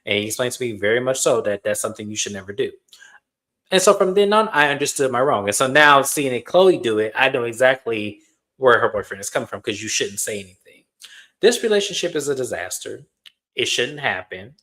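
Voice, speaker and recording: A man recapping a reality TV episode in casual commentary, animated, acting out quotes and swearing freely. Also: medium pitch, fairly quick. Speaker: reality TV reviewer.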